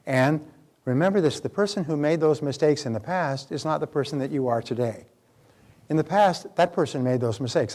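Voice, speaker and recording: An older man speaks earnestly at a live seminar, his pitch sitting in the ordinary middle range for a man. He talks in a conversational way, often turning to the audience with questions as he teaches. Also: a little mellow. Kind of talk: motivational seminar lecture.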